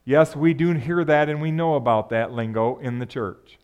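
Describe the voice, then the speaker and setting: A pastor preaching a sermon in a conversational way, often asking the congregation rhetorical questions. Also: male voice, on the high side, moderate pace, darkish tone, clean tone, muffled recording.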